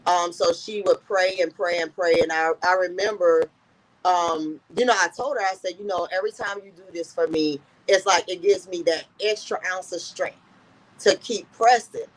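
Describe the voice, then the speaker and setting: A woman's voice: lowish voice, moderate pace, slight background noise, rough recording. A woman guest in an interview, earnestly telling a personal story and often repeating "I said" as she recounts conversations.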